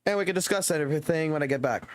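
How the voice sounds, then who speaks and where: A man's voice: fairly high pitch, racing, dry recording, studio quality. A man streaming games and ranting to his chat, swearing often and repeating himself for emphasis. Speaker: game streamer.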